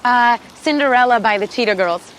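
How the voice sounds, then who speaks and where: A woman's voice: a little high, moderate pace, a bit bright, a little hiss or hum, low-quality recording. A young woman in her twenties, a singer chatting as an interview guest, bubbly and giggly with lots of fillers, speaking outdoors. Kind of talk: casual interview chat. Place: outdoors in countryside.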